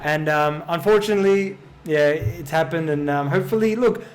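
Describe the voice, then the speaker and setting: A man co-hosting a podcast in casual sports chat, animated and rambling, laughing often. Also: on the high side, moderate pace, slight background noise. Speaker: podcast co-host.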